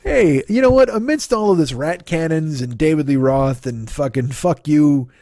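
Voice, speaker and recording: A man's voice: fairly high pitch, expressive, moderate pace, mellow, dry recording, clean studio sound. A man in his forties doing a profane, ranting comedy podcast monologue, full of laughs and restarts. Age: 40s. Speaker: podcast host.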